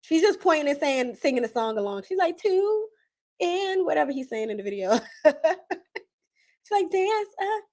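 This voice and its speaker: A slightly high-pitched woman hosts a relaxed live stream. She chats directly to her viewers and laughs often between points. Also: moderate pace, pauses often. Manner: chatty, laughs often, talks straight to viewers. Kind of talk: casual chat.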